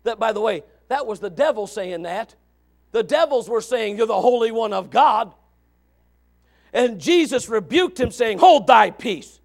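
A male pastor with a high, gravelly voice that leaps up and down in pitch. He swings between quiet, conversational asides and loud, shouted declarations, and he reads scripture aloud in old-fashioned wording. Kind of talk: fiery sermon.

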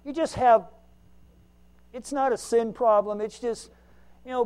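A man preaching a folksy, self-mocking sermon, swinging between loud emphasis and quiet asides. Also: very high-pitched, fairly even intonation, unhurried, pauses often, smooth. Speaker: lay preacher.

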